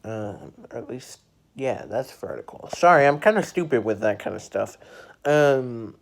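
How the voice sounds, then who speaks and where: Halting young storytime vlogger. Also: mid-range voice, expressive, vocal fry. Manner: halting, many fillers and restarts, laughs at own story. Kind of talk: casual storytelling.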